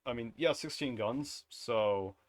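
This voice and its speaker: A man's voice: mid-range voice, takes it slowly, dry recording. Offhand man rambling through a game review. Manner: rambling and offhand, often correcting himself mid-sentence; wry, chuckles at his own jokes. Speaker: game content creator reviewing a dev blog. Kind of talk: casual commentary over screen content.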